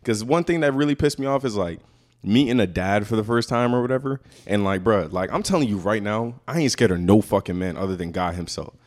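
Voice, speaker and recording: A man's voice: on the low side, a little fast. A young man from Brooklyn, chatting casually on a podcast and telling stories in a loose, profane way. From Brooklyn, New York.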